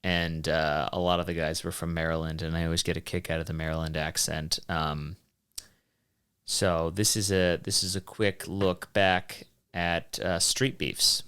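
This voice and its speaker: A man hosting his own podcast, rambling through past episodes in a joking, animated way and swearing freely. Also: low-pitched, measured pace, clear, resonant tone. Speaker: podcast host. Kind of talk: rambling solo podcast monologue.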